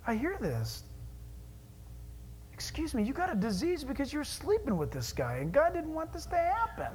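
A man preaching a sermon in an animated, joking way, moving between hushed asides and loud exclamations. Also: extremely high pitch, normal speed, long reverb tail, slight background noise.

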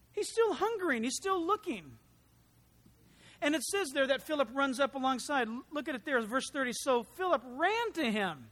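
A man preaching a sermon in an animated, conversational way, full of asides and rhetorical questions. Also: extremely high pitch. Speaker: pastor.

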